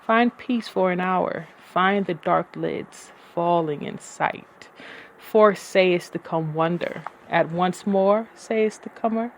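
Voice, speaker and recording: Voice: mid-range voice, vocal fry, a little hiss or hum. A poet giving a dramatic, brooding poetry reading with uneven pacing.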